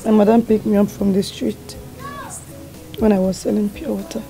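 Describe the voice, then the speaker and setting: An actress with a Nigerian accent playing a crying young orphaned housemaid who begs and pleads. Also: female voice, medium pitch, little pitch movement, moderate pace, creaky, warm tone, faint music behind, close to an everyday voice. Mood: tearful. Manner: pleading, tearful. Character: tearful orphaned young woman thrown out. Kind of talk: Nollywood film acting.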